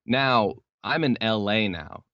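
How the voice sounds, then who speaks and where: A young man from Texas with a very low voice talks as a podcast guest, circling through his points with plenty of "uh" and "like" and many restarts. The sound is close and dry, and the lo-fi recording makes it a bit dull. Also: slow pace, fairly bright tone, no room sound. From Texas, United States. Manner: rambling, explanatory, many fillers and restarts. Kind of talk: casual interview chat.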